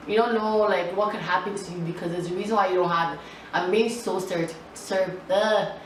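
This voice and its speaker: A young woman vlogger telling a casual storytime in an animated, chatty way, full of slang and laughter. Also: on the low side. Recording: echoey room, distant mic, faint hiss.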